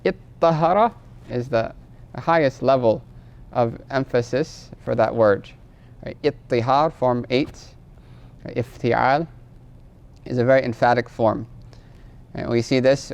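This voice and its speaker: Gravelly, smooth-voiced male religious teacher. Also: medium pitch, steady tone, unhurried, a little mellow. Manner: tags phrases with a questioning "right?"; explains patiently, quizzes the class. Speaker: teacher of Islamic law. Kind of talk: classroom lecture.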